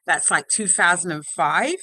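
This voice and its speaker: Chatty woman with a bright voice. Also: on the low side, a little slow, slight background noise. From London, England. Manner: chatty, frequent "right?" and "you know" tags. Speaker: life coach guest. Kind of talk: casual interview chat. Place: home office.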